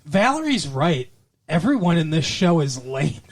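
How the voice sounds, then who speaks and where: Sarcastic podcast co-host with lively delivery. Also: medium pitch, measured pace. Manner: sarcastic, jokey, does silly voices. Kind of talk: casual recap chat.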